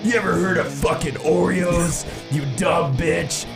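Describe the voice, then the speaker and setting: A man playing a furious, foul-mouthed cookie ad pitchman who rants and swears. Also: very animated, slow pace, echoey room, loud music behind the voice, exaggerated voice. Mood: angry. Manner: profane ranting.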